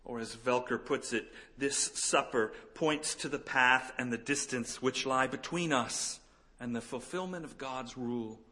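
A middle-aged man preaching a sermon as pastor, swinging between emphatic peaks and soft, slow, quiet passages. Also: mid-range voice.

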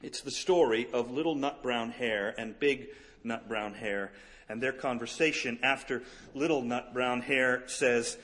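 A middle-aged pastor with a medium-pitched voice preaches a sermon. He swings between emphatic peaks and soft, slow, quiet passages.

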